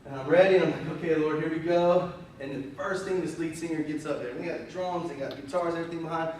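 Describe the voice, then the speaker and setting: A man preaching a storytelling sermon as youth pastor, animated and conversational, his voice a little strained. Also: a little high, fast talker, slight background noise. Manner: animated, conversational, breaks into laughter. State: slightly strained voice. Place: church hall. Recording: very echoey hall, voice from far off.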